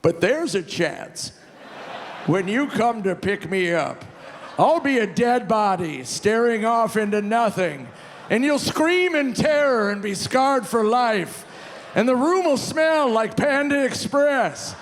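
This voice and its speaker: A man's voice: very high-pitched, animated, slow, a little hiss or hum, voice pushed up, heavily acted. A man voicing a frail, fretful old grandfather who speaks in a quavering, exclaiming voice.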